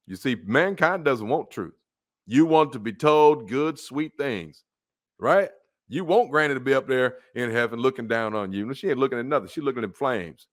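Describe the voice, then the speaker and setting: A man preaching a blunt, mocking sermon, dropping to low mutters and jumping to loud outbursts. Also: lively intonation, normal speed. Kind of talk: fiery street-style sermon.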